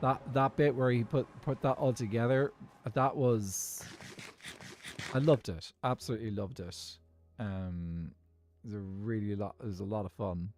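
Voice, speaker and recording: Faint music sits under a lowish, slightly mellow male voice with a steady tone and moderate pace. He's an Irish streamer playing a game, casually chatting and wandering through his thoughts aloud for the people watching.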